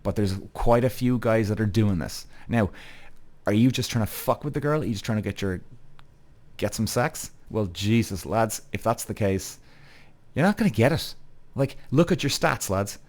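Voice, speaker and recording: A man's voice: fairly low pitch, expressive, normal speed, darkish tone. A man hosting a podcast, talking bluntly to his listeners and swearing often. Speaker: podcast host. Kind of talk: casual rant.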